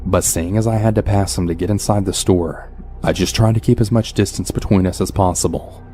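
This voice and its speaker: A man narrating a true horror story in the first person, calm and even. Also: sits low, brisk, slight background noise. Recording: soft background music.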